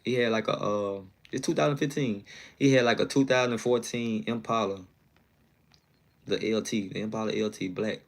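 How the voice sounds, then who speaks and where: Speaking at a moderate pace with a lowish voice, this man rambles through a lengthy personal tale full of slang. He often checks in with whoever's listening, leaning on "you know what I'm saying."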